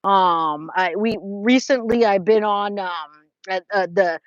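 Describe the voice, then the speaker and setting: A woman's voice: medium pitch, slow pace, dry recording. A woman hosting a casual livestream, chatting with viewers and greeting them by name, with lots of restarts. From California. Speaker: livestream host reading chat. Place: trailer. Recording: dry, slightly dull lo-fi sound.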